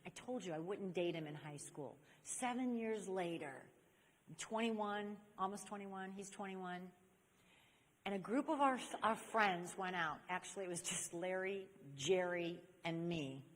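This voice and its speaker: A woman's voice: on the low side, normal speed. An older woman giving a personal testimony talk to young people at a church convention. She tells her story animatedly and acts out the people in it. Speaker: speaker at a church youth convention. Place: large convention hall. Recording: long hall reverb.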